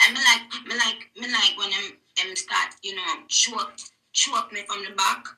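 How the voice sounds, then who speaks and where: A woman's voice: medium pitch, steady tone, moderate pace, far from the mic, crowd noise, natural voice. A woman putting on a brash mock Jamaican patois voice. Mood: playful. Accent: put-on Jamaican. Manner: brash, crude, swearing. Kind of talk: live-stream banter. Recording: roomy echo, away from mic.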